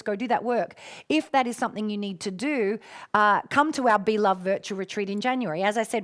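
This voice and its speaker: A middle-aged Australian woman hosting a live-streamed coaching talk, expressive and affectionate with her listeners. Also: mid-range voice. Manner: warm, expressive, calls listeners "my darling".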